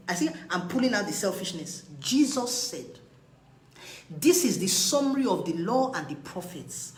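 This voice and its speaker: A woman's voice: mid-range voice, roomy sound, poor audio. A woman, giving an emphatic, scolding live talk on marriage. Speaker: relationship speaker.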